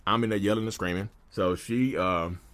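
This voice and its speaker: With a fairly low, somewhat bright voice, fairly even intonation and normal speed, a man in his 30s hosts a podcast and shares his own story. It is a candid, conversational monologue peppered with "you know."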